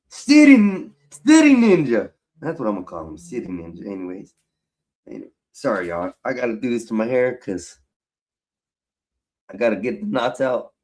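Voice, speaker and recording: A man chatting casually to viewers on a live stream, loose and profane, rambling and talking to his audience as y'all. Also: mid-range voice. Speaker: livestreamer. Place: at home, fixing his hair on camera.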